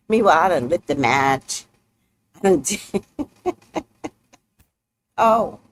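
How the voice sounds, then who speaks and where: A woman's voice: low voice, slow pace, a little hiss or hum. A woman hosting a casual livestream, telling stories bluntly and outspokenly, laughing often as she goes. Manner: animated storytelling with laughs. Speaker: host.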